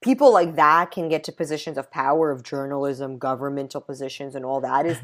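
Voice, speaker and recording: A young woman with a New York accent, chatting on a podcast in an animated, indignant way, full of "like" fillers. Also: rumbling low, brisk. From New York City. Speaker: podcast guest. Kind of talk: casual chat.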